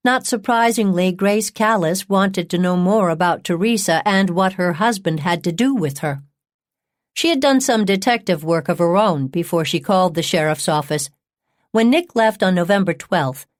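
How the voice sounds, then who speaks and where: A woman reading a true-crime audiobook in a measured, even narration on a close studio mic. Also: lowish voice, dry recording.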